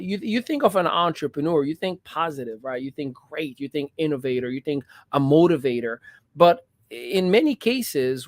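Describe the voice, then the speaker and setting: A man's voice: fairly high pitch, no room sound. A man hosting a panel talk, speaking candidly and telling personal stories with emphasis. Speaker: host.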